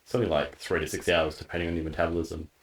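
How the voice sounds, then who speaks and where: Australian male podcast co-host, very deep, rapid, explainer with fillers. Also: level tone. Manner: quick, explanatory, many fillers. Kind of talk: casual chat.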